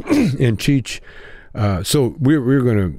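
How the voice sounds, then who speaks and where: A man's voice: mid-range voice, big pitch swings, slow pace, mellow, dry recording. An older man, a comedian guest, telling a rambling anecdote in a laid-back way and acting out the voices in his story.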